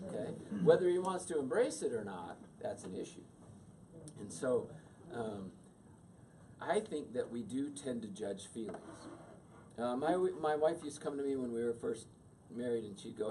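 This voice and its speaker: A man's voice: medium pitch, normal speed. A middle-aged man teaching a class on emotions, asking the audience questions and acting out quoted voices. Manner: animated, acts out quoted voices. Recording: distant mic with faint room noise.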